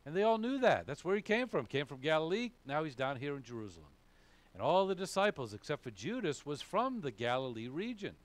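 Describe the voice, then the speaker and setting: A pastor from New England preaches in a thick Boston accent. His delivery is casual and conversational, sprinkled with "okay?" asides. His pitch swings lively up and down through the sermon. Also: a little fast. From New England, USA.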